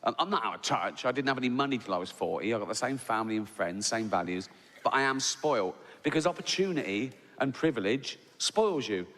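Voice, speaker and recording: A middle-aged Englishman performs a stand-up comedy set, talking conversationally, swearing freely and tagging his lines with "right?". His medium-pitched voice is fairly bright, lively and brisk. The live stage audio comes from a large, reverberant venue with faint ambience.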